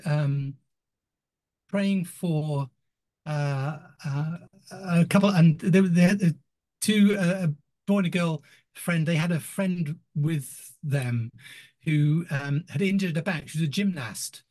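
An older man recounts stories in an interview, his voice sitting a little high. He talks in an animated way, stumbling into restarts and acting out what people said. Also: slow pace. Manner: animated storyteller, acts out quoted voices, many restarts. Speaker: retiring ministry director.

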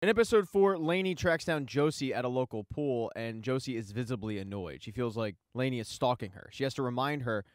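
A man's voice: medium pitch, fairly quick, few pauses, dry recording, studio quality. A man casually recapping a TV season, retelling the plot with wry asides. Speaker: TV recap host.

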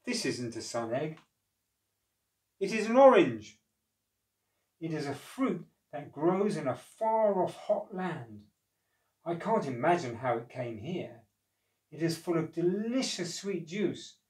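A man reading a storybook aloud, voicing a kind male thrush who speaks in a soothing, unhurried way. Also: fairly high pitch, very animated, darkish tone, roomy sound, recorded from a distance, pitched above the performer's own voice, poor audio.

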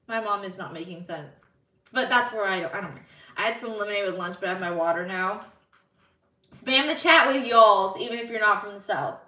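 A woman's voice: medium pitch, brisk, pushed and bright, far from the mic. A woman live streamer in casual chat, bubbly and giggly as she reads viewer messages aloud. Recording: roomy sound, slightly off-mic.

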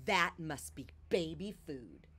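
A mean little schoolboy bully from a storybook, mocking and sneering at a smaller kid, as a woman reads him aloud. The taunts come slowly, in a voice pitched a bit low. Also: expressive, sharp tone, slight background noise, full character voice.

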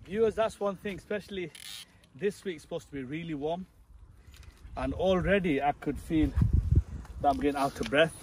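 A man's voice: on the high side, moderate pace, long pauses, background noise. Chatty man vlogging on a hill. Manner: chatty, talks straight to viewers. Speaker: travel vlogger. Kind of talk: casual walking vlog. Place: outdoors on a hillside, walking.

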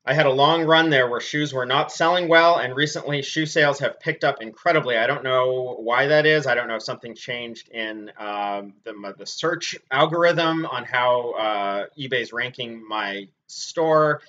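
A man casually reviewing clothes and shoes he has sold, in a chatty, relaxed way with many ums and uhs. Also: mid-range voice, normal speed, hardly any pauses. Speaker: clothing reseller. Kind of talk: casual product review vlog. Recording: dull lo-fi sound.

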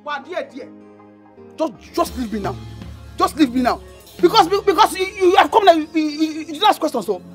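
An actress with a Nigerian accent playing a quarrelsome young woman who mocks and shouts in Pidgin. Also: sits high, expressive, normal speed, faint music behind. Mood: angry. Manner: mocking, repeats herself, shouts in Pidgin. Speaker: actress in a film. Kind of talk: Nollywood film drama.

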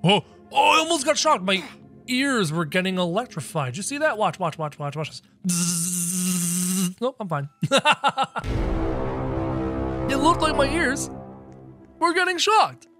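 A man voicing a mischievous, snarky male cartoon rabbit while playing a game in character, excitable and prone to loud panicked yelps. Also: high-pitched, normal speed, music in the background. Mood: nervous.

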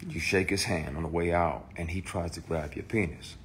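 Deep-voiced man telling a raw story. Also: steady tone, moderate pace, a bit bright, slight background noise. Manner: emphatic, raw and swearing, with restarts. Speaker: actor. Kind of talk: candid personal testimony.

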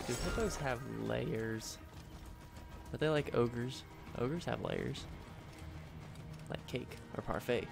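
A man's voice: mid-range voice, slow, creaky, pauses often. A man streaming a video game, swearing in frustrated outbursts and rambling through stories with lots of filler words. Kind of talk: casual gameplay commentary. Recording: game music playing behind.

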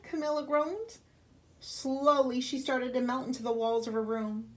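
A woman librarian reading a children's picture book aloud with expressive storytelling. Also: sits high, unhurried.

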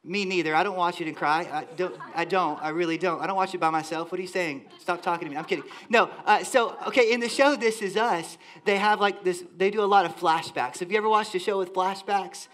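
A man from the Southern United States preaching a lively, joking sermon as a church worship leader. He talks directly to the congregation. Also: high voice, fairly quick, hardly any pauses. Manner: enthusiastic, playful, talks to the congregation. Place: church sanctuary.

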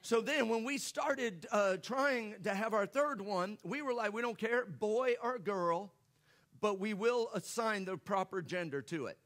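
Pastor, high voice, preaching through a story with jokes. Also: male voice, unhurried, a bit bright. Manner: storytelling, joking with the congregation. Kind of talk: sermon.

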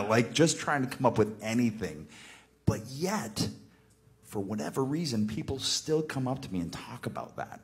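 A man's voice: medium pitch, expressive, normal speed. A man telling a funny anecdote in a casual way, laughing often and acting out quotes as he goes. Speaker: guest telling a story.

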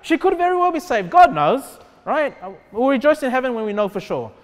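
High-voiced male pastor preaching casually in a church hall, lots of asides to the congregation. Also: very animated, brisk. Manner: conversational preaching, many rhetorical questions and asides. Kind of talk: sermon. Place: church sanctuary. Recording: long church hall reverb.

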